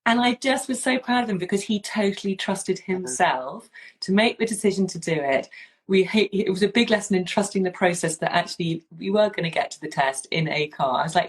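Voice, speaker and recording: A woman's voice: mid-range voice, a little fast, low-quality recording. A woman, hosting a casual chat and telling a story with many restarts and asides. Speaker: podcast host.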